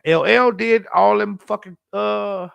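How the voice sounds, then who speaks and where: Male podcast co-host, profane and animated storyteller, gravelly and bright, dry close recording. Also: sits high, slow, no room sound, dull audio. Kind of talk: casual chat.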